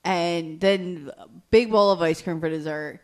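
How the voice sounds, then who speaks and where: A woman's voice: fairly low pitch, measured pace. A woman co-hosting a comedy podcast, casually telling a story about her young daughter. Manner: conversational storytelling with acted dialogue. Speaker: podcast co-host.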